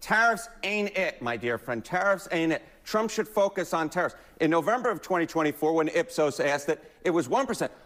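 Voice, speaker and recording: A man breaks down poll numbers on a news broadcast with lots of energy and emphasis. His voice is high for a man, and he pushes his points with playful force. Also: animated, a little fast, hardly any pauses, a bit bright. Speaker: TV news polling analyst.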